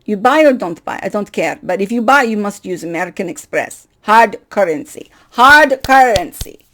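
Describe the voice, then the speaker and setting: A woman's voice: mid-range voice, lively intonation, moderate pace, bright, forceful tone. A woman voicing a brusque female Russian ticket clerk with a Russian accent, curt and insistent.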